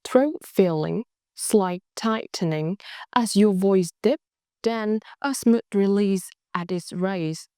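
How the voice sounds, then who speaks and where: A woman with a Northern Vietnamese accent, a native Vietnamese speaker, teaching pronunciation slowly and carefully and modeling sounds for learners to repeat. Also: medium pitch, mellow, smooth, no echo, studio quality. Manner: slow and deliberate, models sounds for repetition. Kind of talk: slow, careful pronunciation lesson.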